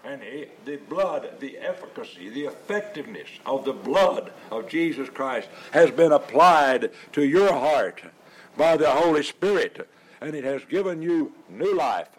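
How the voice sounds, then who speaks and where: A man preaching a sermon, leaning on repeated refrains, with halting restarts and drawn-out stresses on key words. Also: mid-range voice, expressive, breathy edge, poor audio.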